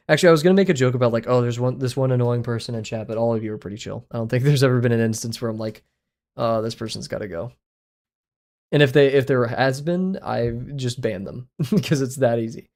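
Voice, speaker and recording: A man talks loosely to his stream chat as he paints, rambling and quick to poke fun at himself. His voice carries a gravelly fry. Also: mid-range voice, darkish tone. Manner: chatty, rambling, self-deprecating. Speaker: livestreaming artist. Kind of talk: casual livestream chat while drawing.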